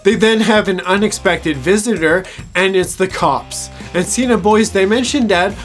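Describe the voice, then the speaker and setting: Brash male reviewer, high voice, swearing and sneering through a casual show recap. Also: moderate pace, soft background music. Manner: crude, mocking, swearing, laughing at own jokes. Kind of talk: casual episode recap commentary.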